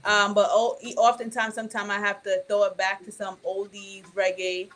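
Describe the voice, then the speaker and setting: A woman's voice: mid-range voice, little pitch movement, normal speed, fairly bright tone, faint music behind. A woman guest chatting casually in a radio interview, bubbly and laughing often, with frequent ums and restarts. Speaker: actress and author guest.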